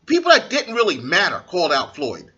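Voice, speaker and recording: Guy ranting about boxing, cussing a lot, kinda high bright voice, muffled lo-fi sound. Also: wildly swooping pitch, a little fast, husky. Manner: blunt, profane, acts out quoted fighters. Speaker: boxing talk show host. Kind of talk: casual opinion monologue.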